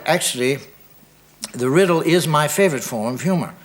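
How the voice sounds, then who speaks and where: An American putting on a prim, slow-witted Englishman with a put-on English accent. The voice rises and stumbles politely. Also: on the high side, animated, pitched above the performer's own voice, lightly acted.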